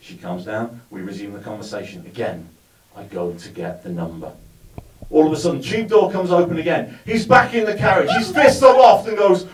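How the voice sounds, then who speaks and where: Man doing stand-up in a roomy venue. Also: sits high. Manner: wry, storytelling, building to punchlines. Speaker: stand-up comedian. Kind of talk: stand-up comedy set. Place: live comedy venue with audience. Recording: roomy sound, mic far from speaker.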